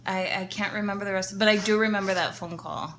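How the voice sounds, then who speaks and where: A woman's voice: mid-range voice, fairly even intonation, fast, a bit bright, slight background noise. A woman co-hosting a podcast, recalling memories in casual, teasing chat. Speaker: podcast co-host.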